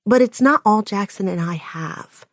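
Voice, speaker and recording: A woman narrating a first-person romance audiobook in an intimate way, often dropping to a hushed near-whisper. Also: medium pitch, unhurried, dry recording, clean studio sound.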